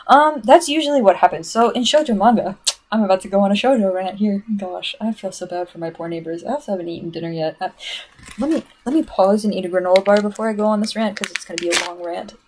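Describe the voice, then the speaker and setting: A woman talks her way through a livestream, chatty and rambling as she jumps between her own points and viewer comments. Her voice sits at an ordinary middle pitch for a woman. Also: fast talker, a little mellow, a little hiss or hum, rough recording. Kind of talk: casual livestream chat.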